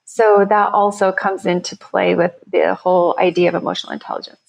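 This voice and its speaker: A woman's voice: fairly low pitch, level tone, fairly quick, creaky. A woman company founder, a guest on a podcast interview, explaining her work in an enthusiastic, conversational way. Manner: enthusiastic, explanatory, self-correcting.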